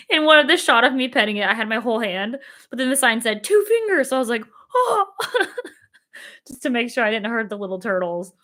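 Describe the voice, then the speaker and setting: On her live stream, a young woman talks casually and with excitement, dropping plenty of fillers and laughs and breaking into abrupt high-pitched squeals.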